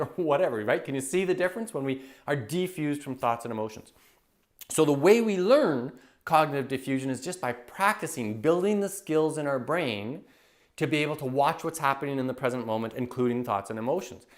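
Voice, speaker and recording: A man working as a happiness coach, giving an enthusiastic, animated teaching talk to camera and acting out everyday scenes. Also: medium pitch, fairly quick. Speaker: happiness coach and public speaker.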